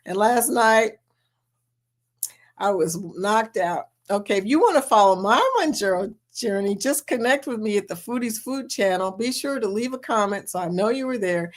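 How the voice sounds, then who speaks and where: A woman's voice: medium pitch, normal speed. Chatty woman hosting a live chat. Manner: chatty, laughs often, reads comments aloud. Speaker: livestream host.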